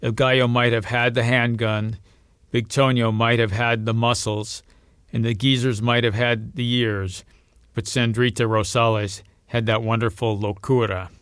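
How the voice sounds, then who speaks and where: A man reading a novel aloud as narrator, in a steady storytelling manner. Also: unhurried, clean tone, no room sound, studio quality. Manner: steady storytelling, lifts pitch and volume for quoted voices. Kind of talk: audiobook reading.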